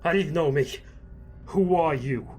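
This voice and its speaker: A man voicing a frightened, furious soldier who shouts and curses. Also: on the high side, moderate pace, pitched above the performer's own voice, natural voice. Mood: shouting. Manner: shouting, cursing. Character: panicked, furious male soldier with a gun. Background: background music.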